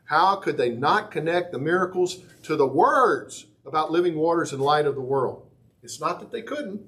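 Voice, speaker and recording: A man preaching a sermon in a church, animated and folksy, acting out crowd voices with big jumps in his voice. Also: medium pitch, rough recording. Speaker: pastor.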